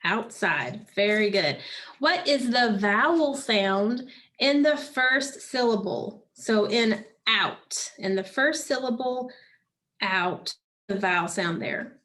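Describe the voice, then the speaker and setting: Woman teacher, slightly high voice, slow and patient, leading a phonics drill. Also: expressive, fairly bright tone. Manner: slow, patient prompting with pauses for answers. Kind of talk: phonics lesson to children.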